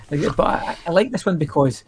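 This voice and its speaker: A man's voice: on the high side, animated, a little slow, husky. Amused man chiming in. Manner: brief agreeing interjections, amused. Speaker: podcast co-host. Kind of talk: casual episode review.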